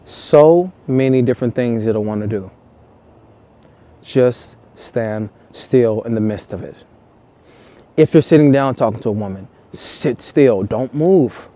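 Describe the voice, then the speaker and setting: A man's voice: mid-range voice, unhurried, mellow. A man from the United States giving earnest, repetitive dating-coach advice in a vlog monologue, with casual swearing, recorded outdoors in the cold.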